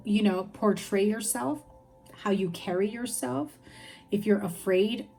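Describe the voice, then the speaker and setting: Woman doing a chill tarot reading, middle pitch, chatty and reassuring, keeps saying right? and you know. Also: darkish tone. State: hiccups. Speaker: tarot reader.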